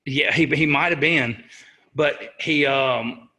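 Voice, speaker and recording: A middle-aged American army sergeant, appearing as an interview guest, tells a personal war story. His voice is a little high, pushed, and bright, and he speaks earnestly but haltingly, often restarting and correcting himself.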